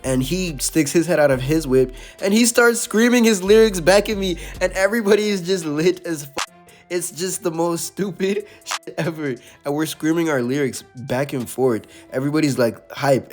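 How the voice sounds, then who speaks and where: A young man telling a story in loose, slang-heavy talk, breaking into laughter and lively asides as he goes. His voice sits at an ordinary pitch for a man. Soft music plays faintly behind him. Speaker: storytime host. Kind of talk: casual storytelling.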